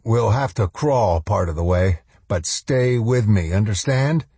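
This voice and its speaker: A man voicing a gruff, wounded older man who gives terse commands. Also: fairly low pitch, animated, measured pace, dark tone, dry recording, full character voice. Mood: urgent.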